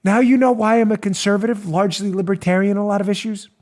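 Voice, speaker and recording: A man hosting a political talk show, delivering animated, sarcastic commentary and acting out mocking little scenes. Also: high voice, quick pace.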